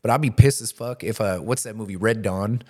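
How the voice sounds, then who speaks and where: Rambling, excitable podcast co-host man. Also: fairly low pitch, a little fast. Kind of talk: casual chat.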